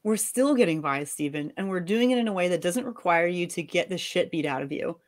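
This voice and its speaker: A woman's voice: lowish voice, lively intonation, brisk, close to an everyday voice. A woman in a live reading, voicing an angry, sarcastic wife and mother scolding her husband. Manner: sharp, sarcastic.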